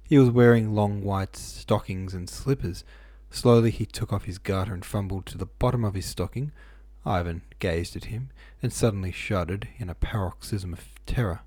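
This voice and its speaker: Man reading a novel out loud, steady pace, low dark mellow tone, super dry close sound. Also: normal speed, hardly any pauses, slightly rough, no echo. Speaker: audiobook reader. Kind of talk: novel narration.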